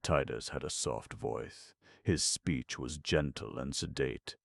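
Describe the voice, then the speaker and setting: Very deep gravelly male narrator. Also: slow pace, dry recording, clean studio sound. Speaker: audiobook narrator. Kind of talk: scripted narration.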